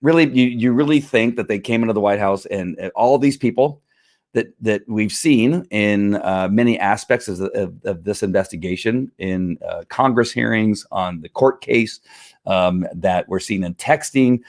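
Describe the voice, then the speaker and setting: A man's voice: lowish voice, normal speed. A man hosts a live online show and talks in a heated, rambling way. He keeps restarting his sentences, stops to read out viewer comments, and pushes back hard at people who disagree with him. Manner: fired-up, talks back to critics, many restarts. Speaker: livestream host. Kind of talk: casual opinion livestream.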